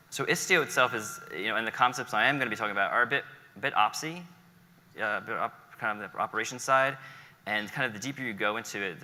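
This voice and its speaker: An American man gives a casual conference talk, wandering into joking tangents and filling pauses with ums. His voice is rather low but strikingly bright and edgy. The sound carries a long echo from a large hall. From United States. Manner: rambling, joking asides, many ums. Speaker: conference speaker.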